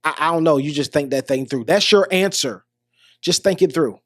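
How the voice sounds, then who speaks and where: A middle-aged man with a high-leaning voice speaks at normal speed in a motivational podcast monologue, earnestly advising listeners directly and repeatedly restarting his sentences. The audio is studio quality, with no room sound.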